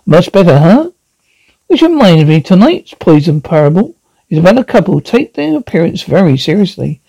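A man voicing a gleeful undead horror host who tells punning tales in a theatrical, gravelly voice. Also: high-pitched, sing-song, moderate pace, dark tone, dry recording, full character voice, low-quality recording. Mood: ghoulish glee. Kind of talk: comic horror-host narration.

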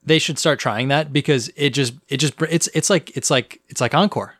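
A man's voice: medium pitch, moderate pace, dry recording. Young guy cohosting a podcast, chatty storytelling, stumbles and restarts a lot, dry close mic. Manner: animated, restarts often. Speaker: podcast co-host. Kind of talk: casual storytelling chat. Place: Boston area.

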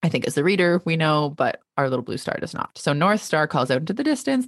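Brief: thirties woman co-host, low animated voice, dry close mic, laughs easily. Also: quick pace, few pauses, no echo. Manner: expressive, lively, laughs often, reads quotes aloud. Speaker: podcast co-host and literary agent. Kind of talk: casual podcast chat.

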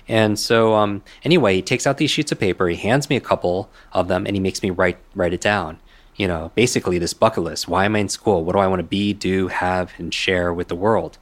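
A man in his forties, a guest memory coach, telling a personal story in a conversation, animated and quick to act out what others said. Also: sits low. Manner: animated, acts out quoted dialogue, frequent "right?".

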